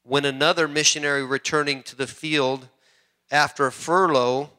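A man from the United States preaching a sermon, telling animated stories with frequent restarts. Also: fairly high pitch, normal speed. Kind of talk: sermon with storytelling.

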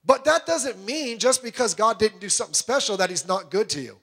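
High-voiced man preaching emphatically. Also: sing-song, brisk, fairly bright tone, slightly rough. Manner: emphatic preaching with rhetorical questions. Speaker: pastor. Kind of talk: sermon.

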